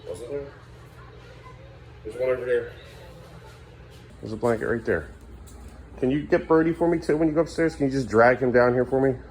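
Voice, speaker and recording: Easygoing dad talking in a quiet house. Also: male voice, mid-range voice, moderate pace, long pauses, a little hiss or hum. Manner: coaxing and patient with his small son, chatty asides to camera. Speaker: father filming his family. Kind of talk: casual home vlog. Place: family home at night.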